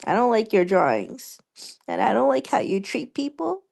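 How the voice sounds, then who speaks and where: A young woman streamer chatting casually with her viewers, rambling and halting with many fillers and restarts. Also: on the high side, sing-song, creaky, darkish tone.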